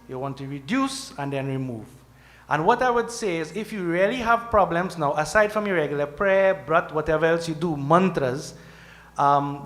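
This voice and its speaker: A man's voice: high voice, fairly bright tone. A middle-aged man preaching to devotees at a temple, speaking conversationally and often checking in with "okay?" and "right?". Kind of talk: sermon.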